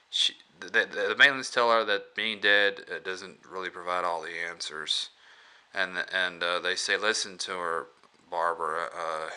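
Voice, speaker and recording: A man's voice: low voice, sharp tone, clean tone. A man casually reviewing a movie, rambling with lots of hesitations and restarts and chuckling at his own retelling.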